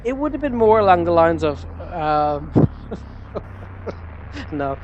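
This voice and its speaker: A man's voice: fairly high pitch, sing-song, slow pace, darkish tone, muffled recording, slight background noise. A man from Ireland hosting a gaming livestream, joking and rambling in casual chat. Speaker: streamer.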